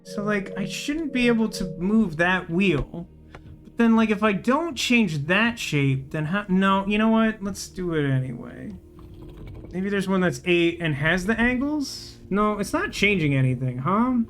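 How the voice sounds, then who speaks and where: Gamer host, male, raised pitch, thinks out loud, wry asides, light music underneath. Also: expressive, a little slow. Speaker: gaming channel host. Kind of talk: let's play commentary.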